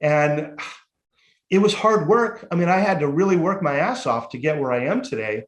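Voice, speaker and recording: A man telling his life story as a guest on a casual podcast interview, lively and candid, swearing now and then. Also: fairly high pitch, normal speed, reverberant. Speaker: guest, motivational speaker and life coach.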